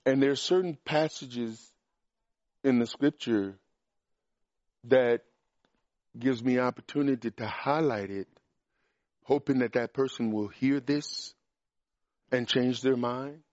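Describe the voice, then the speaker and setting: A man's voice: takes it slowly, pauses often, darkish tone, no echo. Emphatic preacher man, dull dry recording. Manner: emphatic, rises in pitch and volume on key points. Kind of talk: sermon with Q&A.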